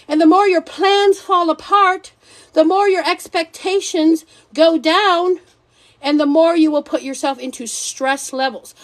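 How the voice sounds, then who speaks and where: A middle-aged woman hosting a wellness livestream, blunt and sassy, preaching to her viewers and reading their comments. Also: sits high. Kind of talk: live stream chat with viewers.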